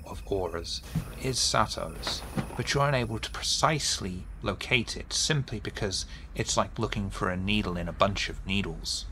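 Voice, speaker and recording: A man running a tabletop horror game, describing scenes and pausing to answer players' questions. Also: fairly low pitch, bright, forceful tone, slight background noise. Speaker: game master.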